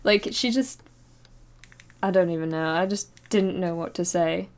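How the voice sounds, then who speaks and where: A young adult woman streamer with a fairly low pitch tells a long personal story in casual chat, halting and packed with fillers and nervous laughs, heard through a streaming microphone.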